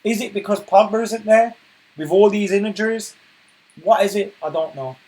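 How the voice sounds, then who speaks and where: A man hosting a casual football live stream, chatting and reading viewer comments aloud, getting loud and worked up when he rants. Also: high-pitched, moderate pace, rough recording. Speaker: football channel host reading live chat.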